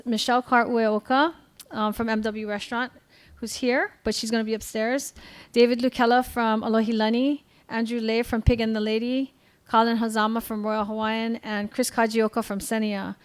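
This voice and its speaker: A woman moderating a panel, closing with measured thanks and announcements. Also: on the high side, clean tone. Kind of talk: closing remarks at an event.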